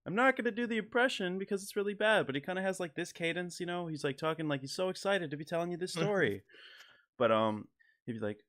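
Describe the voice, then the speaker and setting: A man's voice: high voice, lively intonation, fast, a bit bright. A man hosting a live stream, chatting loosely and profanely with lots of fillers. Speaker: stream host. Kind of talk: casual profane chat.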